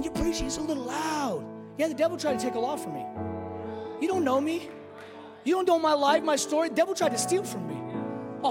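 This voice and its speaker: A male pastor with a strikingly high voice preaches with rising fervor, pressing and sometimes shouting. His voice rings through a large reverberant hall. Music plays clearly beneath him. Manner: impassioned, builds to shouting. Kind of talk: sermon.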